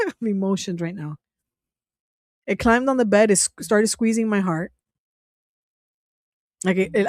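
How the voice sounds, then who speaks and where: A woman hosting her own channel, telling a personal story in a plain casual way. Her pitch sits in the middle, and she talks with strong feeling, stopping and restarting and laughing between words. The recording is dry, with no room echo. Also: darkish tone. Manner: emotional, laughs often while telling, halting restarts. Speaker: channel host.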